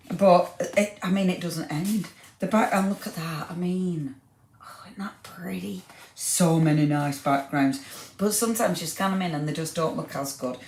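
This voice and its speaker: A woman hosting a casual craft livestream, chatting and greeting viewers by name in a rambling, giggly way. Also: fairly low pitch. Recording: echoey room.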